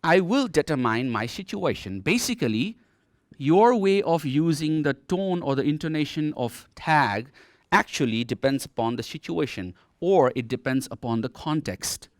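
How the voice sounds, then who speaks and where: Lively Nepali-accented English teacher. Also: male voice, on the high side, normal speed, dry recording, studio quality. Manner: explanatory, repeats "okay" often, demonstrates rising and falling tones. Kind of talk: televised distance-learning lesson. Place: TV studio.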